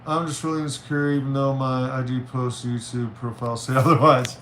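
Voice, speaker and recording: A man streaming live, chatting casually and reading viewer messages aloud with halting restarts. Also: mid-range voice, flat delivery, fairly bright tone. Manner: rambling, reads chat aloud, halting restarts. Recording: roomy with faint noise.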